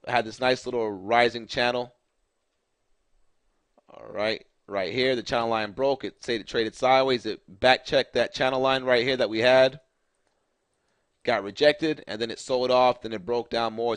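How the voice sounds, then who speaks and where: A man's mid-range, fairly bright voice comes through a dry recording as he recaps the stock market over charts. He is a market analyst host whose casual talk is loose, filler-heavy, and full of repeated phrases.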